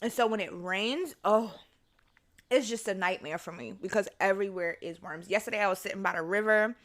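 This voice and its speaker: A woman, hosting a casual solo podcast and telling stories in a lively, profane way while she eats. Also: mid-range voice, brisk. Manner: animated storytelling, swears freely, mimics her own voice. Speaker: podcast host.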